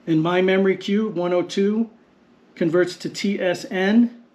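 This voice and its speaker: A man teaching vocabulary in a patient, explanatory lesson, repeating words slowly and deliberately. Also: high-pitched, steady tone, a little mellow. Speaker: language teacher. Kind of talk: slow explanatory lesson narration.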